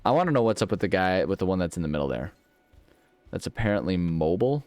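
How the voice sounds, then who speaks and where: A man with a somewhat low voice gives casual commentary while he plays a game. He rambles and mocks himself, and drifts into little nonsense tunes between thoughts. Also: big pitch swings, fast talker, darkish tone. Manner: rambling, self-mocking, sings nonsense syllables. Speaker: gaming channel host.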